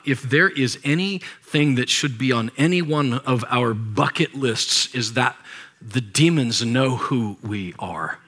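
A male pastor delivering a sermon with a bright, forceful tone. He talks to the congregation in a relaxed, conversational way, with playful jokes between scripture readings. His voice sits at a middle pitch for a man. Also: takes it slowly. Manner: conversational, joking asides to the congregation; reads scripture aloud with commentary.

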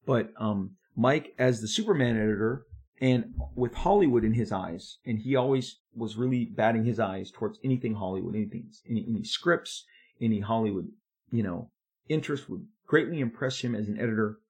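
Husky-voiced man telling a story. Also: on the low side, brisk. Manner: animated, many restarts, confiding. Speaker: comic book artist. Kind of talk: storytelling monologue.

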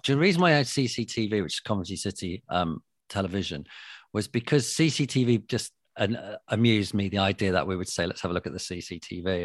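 Animated London man, dry close sound. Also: fairly low pitch, no echo. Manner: animated, laughing, swears freely. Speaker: guest, former TV presenter. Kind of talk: casual reminiscing chat.

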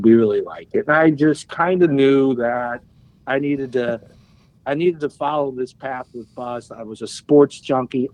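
A man in his sixties, a podcast guest telling animated anecdotes and laughing as he goes. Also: medium pitch, no room sound, low-quality recording. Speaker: guest, former soccer player. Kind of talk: casual storytelling.

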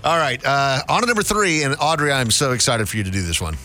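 A man co-hosting a comedy podcast game, speaking in an animated, playful way. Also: mid-range voice, fast. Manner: animated, acts out quotes. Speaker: co-host running the game.

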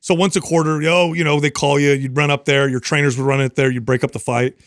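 A man co-hosting a podcast, bantering quickly and jumping in with questions and his own stories. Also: a little high, steady tone, dry recording, clean studio sound. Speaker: podcast co-host. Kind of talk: casual chat.

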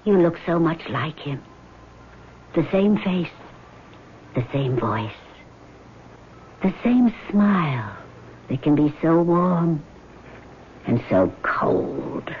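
An actress playing a vengeful female ghost in a 1970s radio drama, speaking slowly and sometimes whispering. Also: low voice, lively intonation. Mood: cold, menacing. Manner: slow, measured, sometimes whispering. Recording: tinny old radio broadcast with faint hiss.

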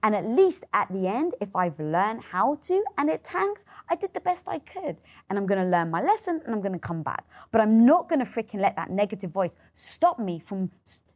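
A middle-aged woman speaks in an interview with a husky, slightly breathy tone. Her pitch swings widely as she acts out the voices in her head and drops into blunt swearing. The delivery is open, lively and conversational. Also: normal speed, hardly any pauses. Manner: animated, acts out her inner voice, swears freely. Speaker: guest.

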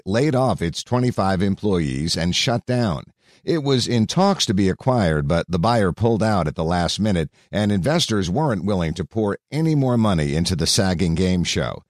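A man's voice: lowish voice, dry recording, studio quality. A man reading a tech news article aloud, playing up the quoted lines with lots of energy. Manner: animated, acts out quoted lines loudly. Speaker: article narrator.

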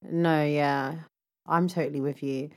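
A young woman co-hosting a fashion podcast, relaxed and full of fillers. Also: low voice, a little slow. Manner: relaxed, lots of fillers, interrupts with agreement. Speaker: podcast co-host. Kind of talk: casual chat.

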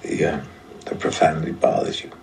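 An actor playing an injured, bedridden male novelist who speaks in a hoarse, halting, cautious whisper. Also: very deep voice, darkish tone, a little hiss or hum, full character voice. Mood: wary. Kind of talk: film drama acting.

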